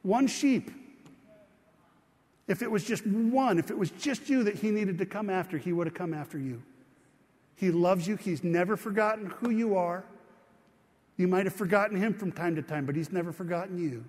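A man's voice: high-pitched, a little fast, darkish tone. Man preaching in a reverberant church. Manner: conversational storytelling preacher, asks the congregation questions. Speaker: pastor. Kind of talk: sermon. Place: church sanctuary. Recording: long hall reverb.

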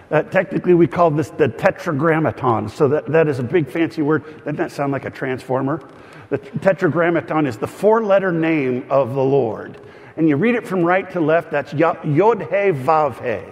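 A man preaching as a pastor, teaching in a conversational way with humorous asides and frequent fillers and restarts. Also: on the high side. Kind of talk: teaching sermon. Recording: long hall reverb.

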